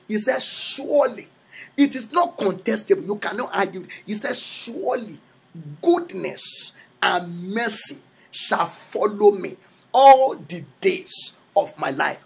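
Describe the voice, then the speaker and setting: Male preacher, Yoruba accent, high gravelly voice, husky tone, emphatic repetition. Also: a bit bright. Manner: switches between English and Yoruba, repeats phrases for emphasis. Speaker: prophet preaching. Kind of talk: sermon.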